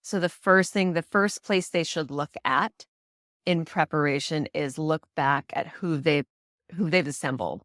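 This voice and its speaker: A chatty woman in her forties with a fairly low voice talks through a casual interview, laughing often and slipping into the voices of people she quotes. The sound is close and dry, with no room around it. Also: measured pace, a bit bright, no echo. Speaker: prenatal yoga teacher and doula, guest.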